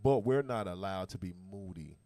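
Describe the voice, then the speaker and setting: A man's voice: deep voice, normal speed, no echo. A man hosting a casual talk show, telling stories with emphatic, slang-filled delivery. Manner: animated, emphatic storytelling with slang. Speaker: podcast host. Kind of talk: casual chat.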